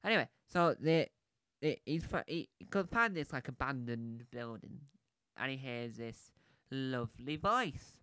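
In a close, dry recording with no echo, a man reviews a film in a loose, chatty ramble, constantly restarting and drifting into asides. His middle-pitched voice is smooth and resonant yet sharp in tone, animated but a little slow.

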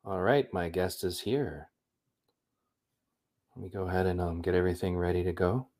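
A man's voice: sits low, fairly even intonation, moderate pace, darkish tone. A man hosting a livestream in a rambling, upbeat, chatty way. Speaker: livestream host. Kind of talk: casual livestream chat.

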